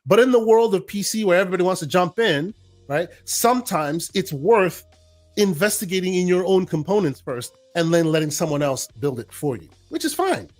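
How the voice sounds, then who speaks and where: High-voiced insistent man debating. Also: animated, a little fast, soft background music. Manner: insistent, repeats words when interrupted. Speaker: podcast co-host. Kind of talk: casual podcast debate.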